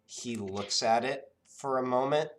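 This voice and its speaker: Brief: male game master, slow, halting narration full of ums. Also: medium pitch. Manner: hesitant, many "um" and "sort of".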